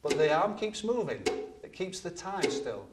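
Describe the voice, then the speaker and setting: A man's voice: high-pitched, sing-song, moderate pace, over loud music. A man teaching ukulele in an instructional video, speaking patiently and repeating his words now and then. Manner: patient, counts beats aloud while strumming, repeats words. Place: studio. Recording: from a distance, with ukulele strumming.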